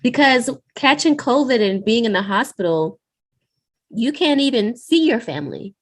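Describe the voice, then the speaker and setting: A woman's voice: a little high, lively intonation, normal speed. A woman co-hosting a podcast in casual conversation, earnest and urging, with a few restarts. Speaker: podcast co-host.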